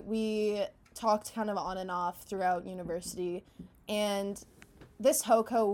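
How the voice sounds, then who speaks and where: A young woman co-hosting a podcast, telling a story in a casual, animated way and laughing often. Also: medium pitch. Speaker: podcast co-host.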